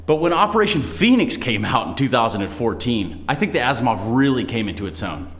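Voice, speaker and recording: A man's voice: medium pitch, sing-song, a little fast, fairly bright tone. A man playing a pretentious skin connoisseur. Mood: smug. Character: pretentious man musing on weapon skins.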